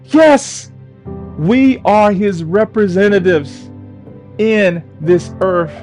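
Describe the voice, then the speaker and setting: A man's voice: sits high, drawn-out words, darkish tone, poor audio. A man preaching a sermon with fervent delivery, his voice rising into cries at the peaks. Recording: faint music behind.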